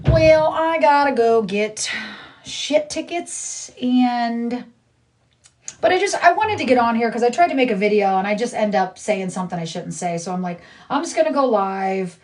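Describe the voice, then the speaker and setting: A woman's voice: medium pitch, big pitch swings, moderate pace. A middle-aged woman on a casual live stream from her living room, blunt and indignant, venting about someone who keeps harassing her. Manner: blunt, indignant, talks to her child off to the side. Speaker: livestreamer.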